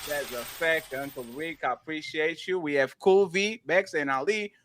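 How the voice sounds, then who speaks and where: A man's voice: a little high, normal speed, very noisy. A man hosting a live panel show, reading viewer comments aloud with exaggerated, laughing delivery. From Portugal. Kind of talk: casual chat, reading super chats.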